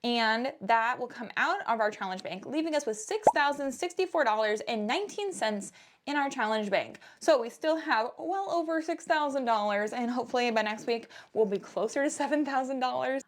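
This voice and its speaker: A woman's voice: fairly high pitch, animated, normal speed, a little hiss or hum. A young adult woman, chatting casually and upbeat as she shows off her thrift finds. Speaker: thrift reseller vlogger. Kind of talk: casual vlog chat.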